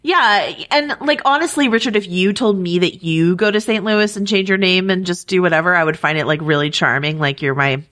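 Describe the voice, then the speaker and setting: Wry, chatty woman with a lowish voice. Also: a bit bright. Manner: chatty, wry, quick asides. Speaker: podcast co-host. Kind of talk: casual TV recap discussion.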